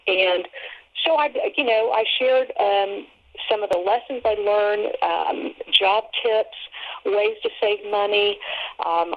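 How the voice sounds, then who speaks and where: Middle-aged woman, earnest author guest, gravelly edges, phone-call sound. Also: medium pitch. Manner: earnest faith testimony. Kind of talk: radio interview. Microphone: telephone. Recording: tinny phone line.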